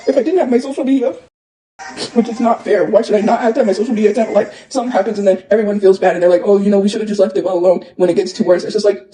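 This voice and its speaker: Upset man livestreaming, high and soft-toned, rattles on fast with lots of fillers. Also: low-quality recording. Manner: upset, rambling, repeats himself with many fillers. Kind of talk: emotional livestream rant.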